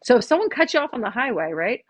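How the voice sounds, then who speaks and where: A woman's voice: a little high, very animated, fast talker, slightly rough, dry recording. A woman chiropractor leading a live stress workshop, chatty and upbeat, counting the group through breathing. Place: small room with a live audience.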